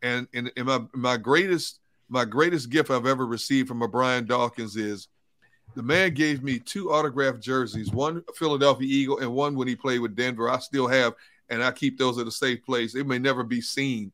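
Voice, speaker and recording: A man co-hosting a sports talk show, telling a story in a casual, animated way. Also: medium pitch, moderate pace. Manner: animated storyteller, laughs as he tells stories. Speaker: co-host, sports reporter.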